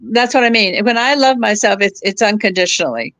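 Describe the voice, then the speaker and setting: A woman's voice: mid-range voice, fairly quick, no echo. A woman in her seventies, a guest chatting casually, telling personal stories with easy laughter and frequent restarts. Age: 70s. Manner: warm storyteller, laughs easily, restarts phrases. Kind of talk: casual chat.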